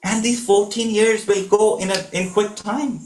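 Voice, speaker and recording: Animated man telling a devotional story, slightly high voice, echoey room. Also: unhurried, a little hiss or hum. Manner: animated, with filler words. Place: home gathering.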